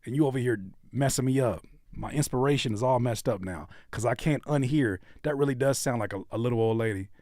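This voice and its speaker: A man hosts a livestream reacting to music submissions, speaking fairly quickly in a medium-pitched, darkish voice. The sound is clean studio quality with no room sound, and he talks casually, joking and repeating phrases for effect.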